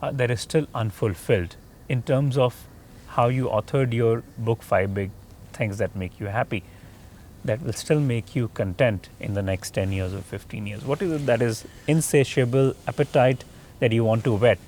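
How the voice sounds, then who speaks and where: A male podcast host poses long, winding questions and restarts often. His voice sits at a middle pitch, with faint room ambience behind it. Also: normal speed, a little mellow, slight background noise. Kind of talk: interview questions.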